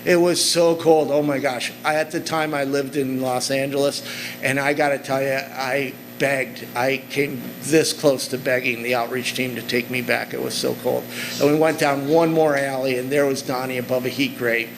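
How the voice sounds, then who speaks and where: Against a noisy background, a middle-aged man with a mid-range voice speaks at normal speed in a steady tone. He is giving a conference talk with slides, relating stories from his work in an earnest, conversational manner.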